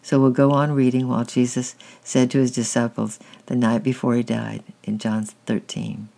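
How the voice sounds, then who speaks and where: A man voicing a kind, calm farmer. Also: mid-range voice, moderate pace, vocal fry, lightly acted.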